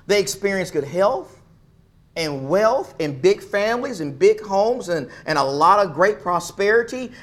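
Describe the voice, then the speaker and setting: A man's voice: high voice, a bit bright. A man preaching a sermon as pastor, emphatic, repeating phrases for stress.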